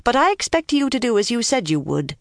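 A commanding young woman, as an audiobook reader puts her on speaks firmly and a little higher than the reader. She insists on being obeyed. The reading is dry and close. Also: big pitch swings, fairly quick, creaky, dry recording. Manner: firm, insistent.

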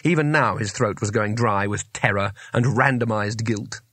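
A man narrating an audiobook in a lively storytelling manner. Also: on the low side, normal speed, no room sound. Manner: animated, varied storytelling.

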